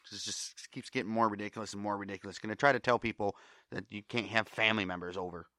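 A man's voice: lowish voice, fairly even intonation, fast, pushed and bright, no room sound, clean studio sound. Angry, profane male podcast ranter. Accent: American. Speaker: podcast host. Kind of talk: solo podcast rant.

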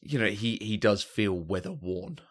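Man, low voice, co-host in a casual film chat, halting and repeating himself as he thinks. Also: lively intonation. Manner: halting, repeats words when starting a thought. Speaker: podcast co-host.

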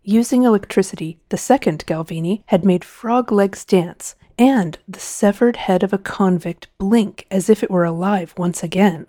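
A woman narrating a novel in an expressive, measured storytelling voice, close to the mic. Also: medium pitch, dry recording. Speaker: audiobook narrator. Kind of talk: scripted narration.

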